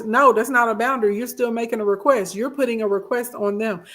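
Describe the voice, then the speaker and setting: A woman's voice: a little high, fairly even intonation, fast, fairly bright tone. Emphatic woman giving relationship advice. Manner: emphatic, repeats herself, checks in with listeners. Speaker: host answering viewer comments. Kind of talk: casual advice talk, livestream.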